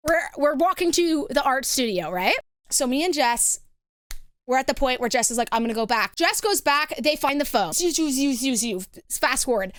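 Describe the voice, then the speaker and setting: A woman telling a story in a casual, animated way, swearing freely and acting out what people said. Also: sits high, normal speed, no echo.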